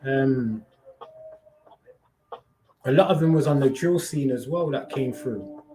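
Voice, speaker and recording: A man's voice: medium pitch, slow, mellow, slight background noise. A man chatting casually on a live stream, slangy and rambling, swearing freely.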